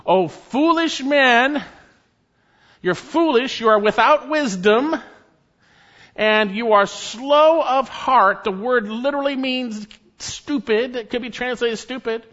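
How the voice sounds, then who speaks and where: Emphatic high-voiced man preaching a sermon. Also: a little slow, muffled recording. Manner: emphatic, swings between loud exhortation and low quiet stresses.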